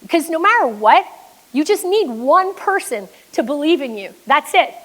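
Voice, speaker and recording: A woman's voice: sits high, big pitch swings, normal speed, rough recording. A Canadian woman giving a motivational keynote as a business coach, emphatic and blunt, with some swearing. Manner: emphatic storyteller, blunt and profane.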